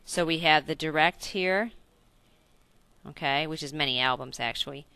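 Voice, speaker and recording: A woman's voice: sits low, moderate pace, pushed and bright, clear, resonant tone, no room sound. A woman teaching a recorded Spanish grammar lesson in English, explaining step by step, checking in with questions and correcting her own slips.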